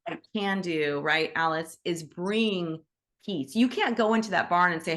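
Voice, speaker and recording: Soft-spoken woman teaching gently. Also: fairly low pitch, moderate pace. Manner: gentle, enthusiastic storytelling with many "right?" and "you know". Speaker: animal Reiki teacher hosting a session. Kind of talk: casual teaching chat on a video call.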